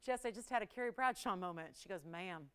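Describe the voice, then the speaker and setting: A woman's voice: a little high, quick pace, fairly bright tone, clean tone. A woman hosting a live on-air jewelry shopping show, chatty and playful, laughing often and teasing the crew. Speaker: shopping channel host.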